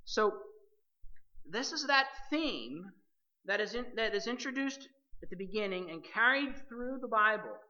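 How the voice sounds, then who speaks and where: A preacher gives a sermon in a bright, forceful voice, pressing each point with emphasis and speaking straight to the listeners. The recording is dull and lo-fi, with the top end muffled. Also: mid-range voice, lively intonation, a little slow. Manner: emphatic, addresses listeners directly as believers.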